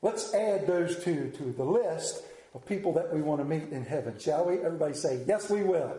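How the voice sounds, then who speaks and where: Man pastor, sermon, animated storyteller, higher voice, roomy church hall. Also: moderate pace.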